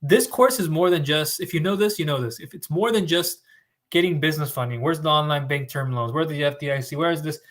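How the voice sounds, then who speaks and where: A man's voice: fairly high pitch, a little fast, fairly bright tone. A man hosting a casual live stream, talking in a rambling, emphatic way and reading viewer comments aloud. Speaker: host. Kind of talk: casual livestream talk to viewers.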